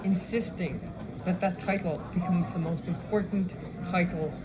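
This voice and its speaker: A woman's voice: lowish voice, measured pace. Confident woman interviewee, noisy event background. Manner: confident, playful. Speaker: interviewed wrestler.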